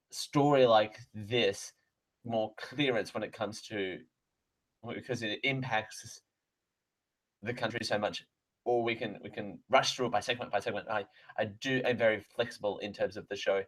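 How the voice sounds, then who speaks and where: A man's voice: fairly low pitch, fairly even intonation, moderate pace, low-quality recording. A man hosting a live radio show from a studio mic, rambling and correcting himself with sarcastic asides. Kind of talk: live radio talk, reading mail aloud. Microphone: close studio microphone.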